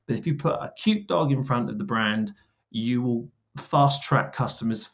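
A man in his forties, a guest on an interview podcast, telling stories with lively quoted dialogue. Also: medium pitch, normal speed. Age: 40s. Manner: animated, acts out dialogue in quoted voices. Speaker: guest, brand founder. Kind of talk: storytelling interview answers.

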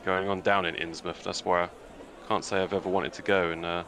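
A man's voice: deep voice, little pitch movement, a little fast, a bit bright, some chatter behind. A man voicing a blunt, wary adventurer in a tabletop game. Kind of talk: tabletop game role-play.

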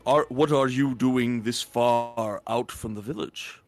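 A man's voice: medium pitch, slow, dry recording, faint music behind. A man voicing a stoic, silver-bearded older male warrior who talks in terse, broken formal phrases. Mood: stern calm.

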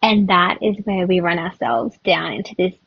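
A woman's voice: fairly low pitch, fairly even intonation, moderate pace, vocal fry, husky, dry recording, muffled recording. A mother co-hosting a parenting podcast, talking earnestly and reassuringly, with many fillers. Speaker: podcast co-host. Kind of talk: casual chat.

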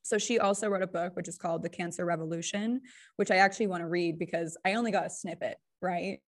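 A woman co-hosting a podcast in casual chat, talking fast and loose with lots of "like" and "right?". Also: on the low side, fairly even intonation. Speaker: podcast co-host.

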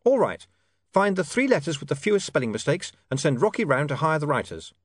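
An earnest, worried young editor, as a male reader puts him on speaks urgently and a little higher than the reader's own voice. The storybook reading is dry and close, with a lively, swinging pitch. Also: a little fast, no echo. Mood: decisive.

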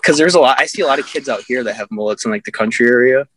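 A man's voice: mid-range voice, very fast, a bit bright. A young man chatting casually on a podcast, telling rambling stories and laughing at himself. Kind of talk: casual chat.

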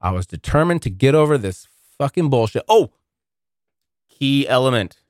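A man's voice: medium pitch, sing-song, normal speed, a little mellow, no echo, clean studio sound. A man hosting a podcast, rambling through a casual monologue full of profanity. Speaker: podcast host.

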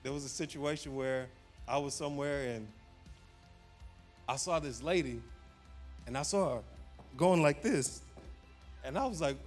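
A man preaches in a relaxed, conversational way, his voice sitting a little high for a man. He laughs often as he tells his stories and repeats key phrases for emphasis. Soft music plays faintly underneath. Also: moderate pace, long pauses. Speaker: pastor. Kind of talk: casual humorous sermon.

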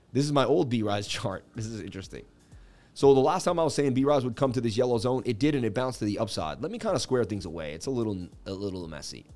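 This crypto livestream host is a man whose voice sits at medium pitch with a slightly mellow quality. He keeps the stream casual, cracking jokes and chatting as he reads out viewer comments and goes through charts.

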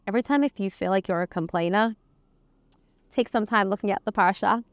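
Speaking at a brisk clip in a medium-pitched voice, this woman teaches the weekly Torah portion conversationally, mixing in Hebrew words and verses. There's no room sound on the track.

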